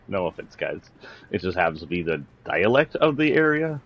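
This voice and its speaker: Man, very low voice, slight Southern accent, blunt indignant streamer rant, dull lo-fi audio. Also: sing-song, moderate pace, slightly rough. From San Antonio, Texas. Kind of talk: political rant on a livestream.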